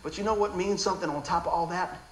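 A middle-aged man preaching a sermon, telling stories in an animated way with frequent laughter. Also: sits high, fast talker. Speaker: pastor. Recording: echoey room with faint background noise.

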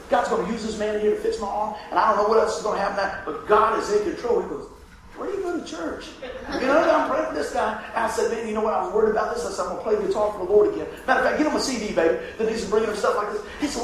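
A man preaching a sermon as pastor, telling a hospital story in an animated way and acting out the voices. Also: sits high, racing, a little hiss or hum. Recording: echoey room from a distance.

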